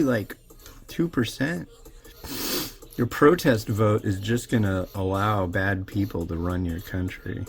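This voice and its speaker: A man hosting a noodle review show, chatting casually and in a rambling, opinionated way while he cooks and tastes. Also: on the low side. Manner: rambling, opinionated, restarts often. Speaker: host of an instant noodle review channel. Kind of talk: casual chat while cooking and tasting.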